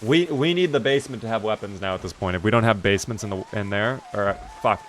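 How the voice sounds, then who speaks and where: A man's voice: fairly low pitch, fast, hardly any pauses, slight background noise. A young man chatting casually while live-streaming a survival game, reading out chat and breaking into exasperated outbursts. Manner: animated, exasperated outbursts at his character.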